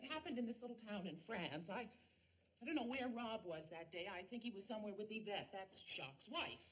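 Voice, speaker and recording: An actress playing a flustered young wife who hesitates and stammers over a secret. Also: female voice, mid-range voice, animated, fairly quick, highs cut off, background noise, lightly acted. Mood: dreamy.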